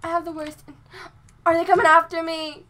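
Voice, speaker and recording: A young woman hosting casual gameplay chat, excitable, swinging from mumbling to shouting. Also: extremely high pitch, normal speed. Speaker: gaming channel host. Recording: keyboard clicks and typing noise.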